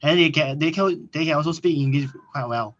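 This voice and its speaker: A man's voice: on the high side, a little fast, a bit bright. A young man, talking hesitantly with many fillers in a casual chat. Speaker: student. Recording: dull lo-fi sound.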